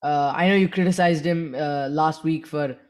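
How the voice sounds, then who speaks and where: Halting man with a higher voice. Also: steady tone. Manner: halting, many restarts and fillers. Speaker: podcast co-host. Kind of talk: casual cricket chat.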